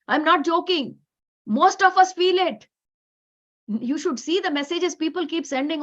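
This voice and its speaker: Indian woman facilitator, high register, insistent delivery, dull lo-fi call sound. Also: a little slow. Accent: Indian English. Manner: emphatic, repetitive, animated. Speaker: workshop facilitator. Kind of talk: spiritual talk to a women's group. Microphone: video call.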